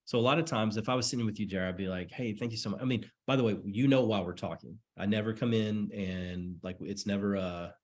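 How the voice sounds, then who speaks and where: A man with a low, somewhat husky voice talks through sales coaching on a call. He rambles in a friendly, repetitive way and slips into little acted-out conversations. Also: a little fast, hardly any pauses, darkish tone. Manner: chatty, repetitive, acts out sample dialogues. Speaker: network marketing coach. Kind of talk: casual coaching talk on a call.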